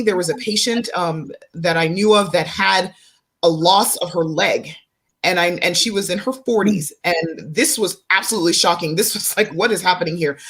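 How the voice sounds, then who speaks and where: A woman doctor hosting a panel discussion, explaining symptoms earnestly to her guests and viewers. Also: medium pitch. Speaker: doctor and host. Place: studio stage with guests.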